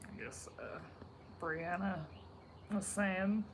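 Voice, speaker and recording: A co-host chatting casually on a podcast, with quick, off-hand replies and frequent laughs. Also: mid-range voice, sing-song, heavy background noise.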